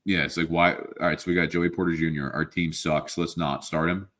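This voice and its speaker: Very deep-voiced man ranting about football. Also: fairly even intonation, a little fast, fairly bright tone. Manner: ranting, profane, frustrated. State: sick. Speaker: podcast co-host. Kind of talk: casual sports chat.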